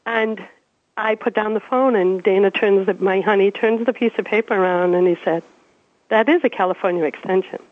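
Woman, 50s, from Massachusetts; lively guest storyteller, laughs often; phone-thin dry line. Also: mid-range voice, normal speed, no echo. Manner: chatty, animated, laughs while telling stories. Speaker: interview guest. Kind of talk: casual storytelling. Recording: dry, tinny phone-like radio sound.

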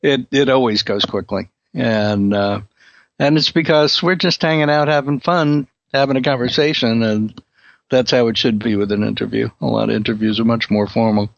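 An older man with a New York accent hosting an interview, relaxed and joking, often pausing with filler sounds. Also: medium pitch, vocal fry, dry recording. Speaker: interview host. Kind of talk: casual chat. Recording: dull lo-fi dry sound.

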